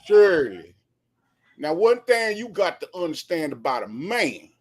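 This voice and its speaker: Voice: medium pitch, very animated, a little slow, slightly rough. A speaker doing a mocking impression of a folksy older male radio host who lectures about how men work, in a drawling, preachy way. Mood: mock lecturing.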